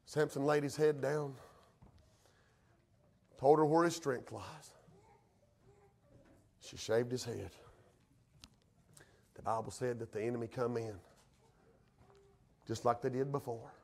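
A man's voice: medium pitch, steady tone, slow pace, long pauses, darkish tone. A male pastor, preaching a sermon in a folksy way that rises to fervent emphasis.

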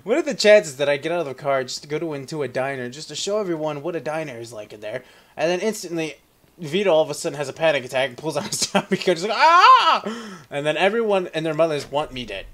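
A man's voice: on the high side, animated, fast talker. A young man casually commenting on a video game as let's play host, rambling and often laughing.

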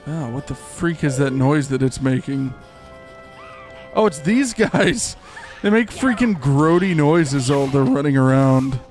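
A young man giving goofy, excitable live commentary while playing a game, rambling with many fillers. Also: medium pitch, normal speed, hardly any pauses. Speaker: streamer. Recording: faint game music behind.

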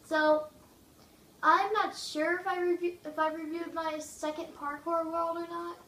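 A woman giving casual, rambling gameplay commentary, joking and mocking herself, her throat a little rough from coughing. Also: very high voice, level tone, measured pace, fairly bright tone, recorded from a distance. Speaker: gaming video maker. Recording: echoey room, away from mic, faint noise.

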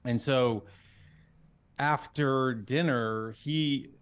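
A man's voice: medium pitch, extremely slow, clear, resonant tone. A man who hosts his own talk show, telling stories in a chatty, conversational way. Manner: storytelling, chatty with restarts. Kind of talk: conversational interview.

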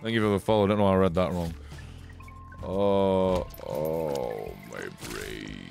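Male streamer, lower voice, excitable and foul-mouthed, live play-by-play over faint game music. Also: measured pace, creaky. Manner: excitable, swears often, reacts loudly and reads chat. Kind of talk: casual live-stream commentary.

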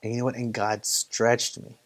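Man, mid-pitched, preaching a casual Bible study, chatty, tells stories. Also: flat delivery, moderate pace, fairly bright tone. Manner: conversational, storytelling with acted quotes. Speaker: pastor leading Bible study. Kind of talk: casual sermon.

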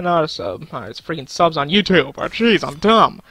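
A man's voice: a little high, sing-song, moderate pace, a bit bright, no room sound, faint music behind. A young man in casual live-stream commentary, goofy and crude, talking to himself and his chat with sudden silly outbursts. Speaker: gaming streamer.

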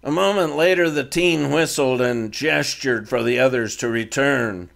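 A man narrating his own Western fiction chapter in a measured storytelling read. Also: medium pitch, creaky, a bit bright. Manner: slow, measured reading of fiction. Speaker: author and narrator. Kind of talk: scripted narration.

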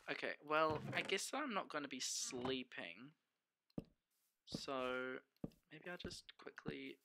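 A young man streaming a game, chatting casually and swearing freely. He talks to his viewers and to himself, with sudden excited outbursts. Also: medium pitch, noisy background. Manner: talks to the chat and himself as he plays. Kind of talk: casual gameplay commentary.

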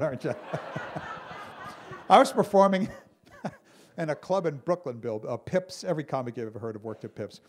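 A man performing a stand-up comedy routine on stage, telling stories with lively impressions of other people. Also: a little high. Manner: animated storyteller, mimics calm pilots and a Brooklyn guy. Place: stage before a live audience.

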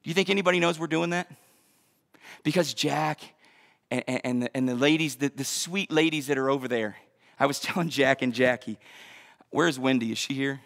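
A man preaching a sermon as pastor, in an energetic, conversational way with joking asides. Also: medium pitch, moderate pace, creaky, big-room sound.

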